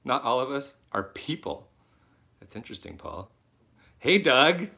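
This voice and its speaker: A young man hosting his first live stream from his phone, chatty and excitable, laughing often as he reads out viewer comments. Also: medium pitch, unhurried, creaky. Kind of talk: casual live-stream chat.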